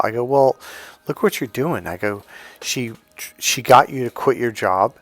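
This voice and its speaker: Middle-aged male coach, lowish voice, profane and emphatic, anecdotal monologue. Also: brisk, dry recording. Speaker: dating coach. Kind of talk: casual monologue.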